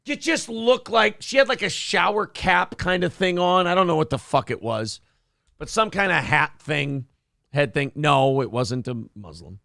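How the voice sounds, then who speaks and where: A man's voice: on the high side, animated, moderate pace, gravelly, pushed and bright, dry recording, studio quality. A man hosting a morning show, telling a story as a profane, heated rant. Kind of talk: casual podcast chat.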